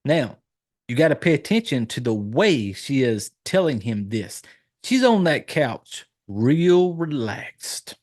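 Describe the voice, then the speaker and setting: A Southern-accented man chats loosely through a film recap at an ordinary, mid-range pitch. He swears freely and jumps into the characters' lines with animated asides. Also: unhurried. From Southern United States. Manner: profane, animated storytelling with acted-out quotes. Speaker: podcast host reviewing a horror film. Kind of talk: casual film recap chat.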